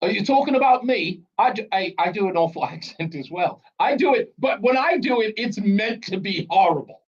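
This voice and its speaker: A middle-aged man hosting a call-in talk radio show, chatty and quick to laugh as he banters with callers. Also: high-pitched, lively intonation, husky, muffled recording. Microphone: studio broadcast mic.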